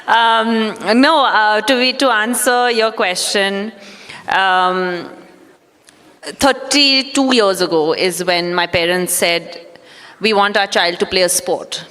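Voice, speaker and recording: A woman, a guest telling her story at an on-stage interview in a measured, reflective way, with many fillers. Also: mid-range voice, a bit bright, smooth. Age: 30s. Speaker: guest, former athlete. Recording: echoey hall.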